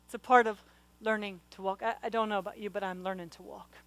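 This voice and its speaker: A middle-aged woman preaching a sermon, her questions swelling into loud, urgent exhortation. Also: mid-range voice, steady tone, fast talker, no echo, poor audio. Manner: passionate, rising to loud exhortation.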